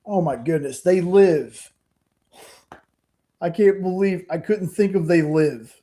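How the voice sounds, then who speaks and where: A man with a mellow, warm voice, talking pitched a little above the usual male range. He chats casually about films as a co-host of a live stream, excited and given to repeating his points. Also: slow. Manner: enthusiastic, repeats himself. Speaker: podcast co-host. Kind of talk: casual chat.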